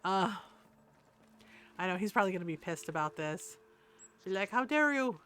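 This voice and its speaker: A woman's voice: lowish voice, fairly even intonation, moderate pace, slight background noise. A woman streaming a game, chatting casually and rambling, with bursts of indignation. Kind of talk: casual gameplay commentary.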